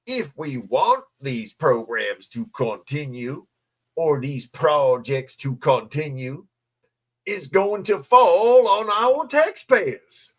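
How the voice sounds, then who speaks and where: Man playing a fretful male mayor, whining, high, mocking. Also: fairly bright tone, slightly rough, exaggerated voice, rough recording. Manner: raised whiny voice, mocking impression. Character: whining male mayor, anxious about money.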